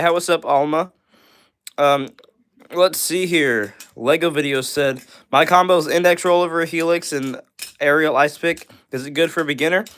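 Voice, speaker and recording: A man's voice: fairly high pitch, a bit bright. Upbeat young man chatting on a live stream. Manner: friendly, upbeat, says "bro" and "all right" a lot. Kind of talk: casual live stream chat reading comments.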